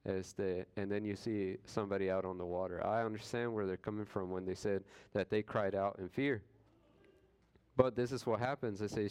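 A man's voice: lowish voice, steady tone, normal speed, a little mellow, clear, resonant tone. A man leading a casual Bible study, retelling scripture in slangy everyday words and acting out what people said. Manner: acts out quoted voices with jokes.

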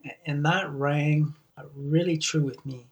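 A podcast host with a fairly high, steady voice speaks at a measured pace on a solo show, captured with a distant mic and lo-fi sound. He talks earnestly, often repeating words as he restarts sentences.

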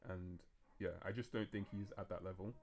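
A man hosts a casual podcast chat, his voice low and gravelly with a flat, even pitch. He talks fast and rambles, breaking off and restarting his thoughts as he goes. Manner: fast, rambling, self-interrupting talk. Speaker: podcast host.

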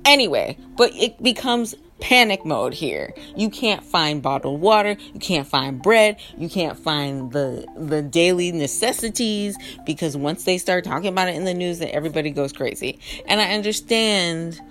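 Woman, low voice, animated casual rant, exasperated, laughs often, faint music behind. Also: normal speed, few pauses. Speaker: political commentator. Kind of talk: casual opinion monologue. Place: lives in New York City.

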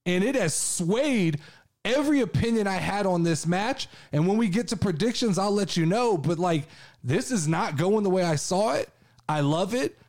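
A man with a fairly high voice hosts a casual chat show. He rants with excitement and swears freely, and his energy keeps rising. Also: moderate pace. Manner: excitable, profane ranting. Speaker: podcast host.

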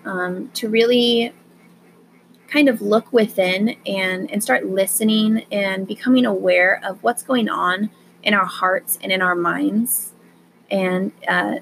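A woman hosting a podcast, talking casually and gently with frequent fillers, then guiding a calm meditation. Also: medium pitch, vocal fry, a little hiss or hum. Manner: slow, gentle, soothing delivery with fillers. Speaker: podcast host.

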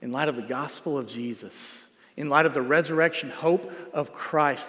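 A middle-aged man preaching a sermon in a church, earnest, moving from loud emphasis to hushed softness. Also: medium pitch, moderate pace. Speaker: pastor. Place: church sanctuary. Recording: long hall reverb.

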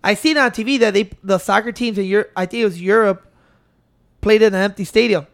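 A man hosting a podcast into a microphone, telling stories in excitable, profane casual chat. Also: sits high, brisk. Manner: excitable, swearing, storytelling with restarts. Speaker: podcast host.

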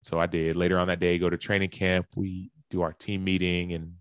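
A man's voice: low-pitched, level tone, brisk, smooth, no room sound. A man, a professional athlete, earnestly telling a personal story in a speech and acting out the lines and gasps of the people in it.

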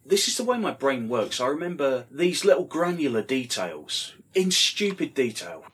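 A man's voice: mid-range voice, very animated, normal speed, a bit bright, breathy edge. A middle-aged man telling a rambling anecdote, casually swearing and full of fillers. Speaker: storyteller.

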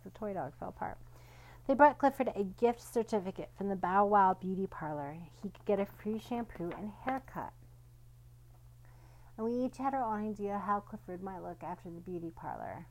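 A woman reading a children's picture book aloud, telling the story gently and lightly voicing the characters. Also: medium pitch, normal speed, poor audio. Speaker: storybook reader.

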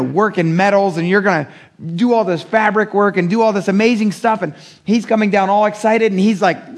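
A young adult pastor with a high-sitting voice preaches a casual midweek sermon. He's animated and conversational, uses slang, and performs the voices of the people he quotes.

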